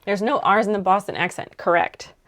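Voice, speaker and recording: A young adult woman streaming while she crafts, chatting casually and rambling softly as she thinks aloud. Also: mid-range voice, a little fast.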